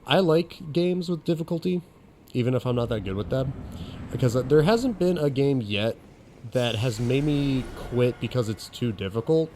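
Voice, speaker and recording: A man's voice: mid-range voice, lively intonation, normal speed, mellow. A young man streaming gameplay and chatting casually, rambling while he answers chat, his voice getting a little crackly.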